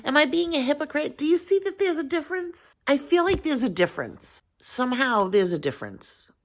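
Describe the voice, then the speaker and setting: A woman's voice: high-pitched, sing-song, brisk, slight background noise. A woman vlogger talking casually to her viewers, earnest and rambling, thinking aloud with frequent restarts and filler phrases. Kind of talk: casual talk to camera.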